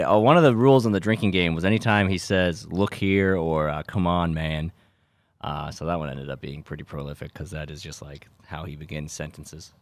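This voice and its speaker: A young man, a podcast host rambling in a sarcastic deadpan way with lots of filler words. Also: low voice, dry recording. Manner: dry sarcastic delivery with frequent filler words. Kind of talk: rambling deadpan comedic monologue.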